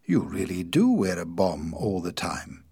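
A man's voice: deep voice, big pitch swings, measured pace, gravelly, dark tone, breathy edge, no echo, studio quality, exaggerated voice. A man doing an indignant, agitated anarchist. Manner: urgent, indignant, pressing. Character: agitated, angry male anarchist.

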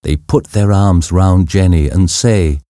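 A man reading a simple story aloud as a narrator, slow and clear. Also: low-pitched, mellow, dry recording, studio quality. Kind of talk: scripted narration of a graded reader.

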